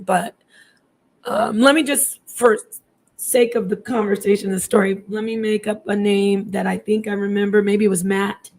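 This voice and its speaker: A woman in her thirties tells a personal story in a chatty, digressive way, often restarting sentences and acting out what people said. Her voice is medium in pitch and slightly rough.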